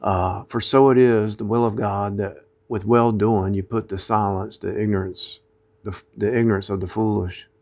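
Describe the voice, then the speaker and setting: A man's voice: fairly low pitch, fairly even intonation, normal speed, a little mellow. A man giving an informal sermon, quoting scripture in old-fashioned wording and scolding his listeners, with emphatic outbursts. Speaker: preacher.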